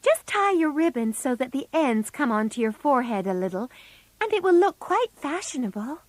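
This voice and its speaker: A woman voicing the youngest sister, a young girl, in a read-aloud storybook, bright and reassuring. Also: high-pitched, big pitch swings, moderate pace, dry recording, pitched above the performer's own voice.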